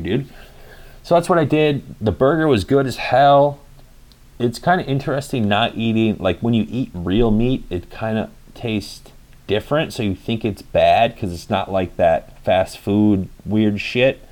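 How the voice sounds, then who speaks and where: A young male vlogger with a lowish, somewhat mellow voice tells a rambling story in a casual vlog. He swears freely and acts out the quoted dialogue.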